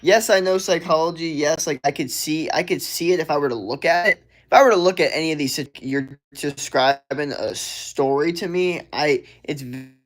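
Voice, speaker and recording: A man's voice: a little high, normal speed, hardly any pauses. Slangy young man rambling on a livestream. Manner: slangy, rambling with many "like" fillers. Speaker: live streamer answering viewer questions. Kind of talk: casual livestream Q&A.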